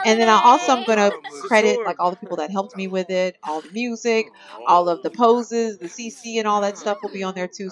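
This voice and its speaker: A young woman chatting casually as she plays a life-simulation game, laughing often and playfully voicing the characters. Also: on the low side. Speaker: let's-play host. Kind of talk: casual gameplay commentary.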